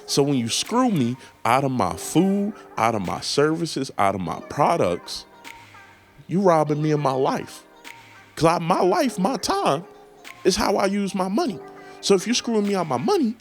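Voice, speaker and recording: A man hosting a casual talk show, telling a comedic story and acting out both sides of a phone call in put-on voices. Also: mid-range voice. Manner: animated, acts out phone calls in put-on voices. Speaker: podcast host.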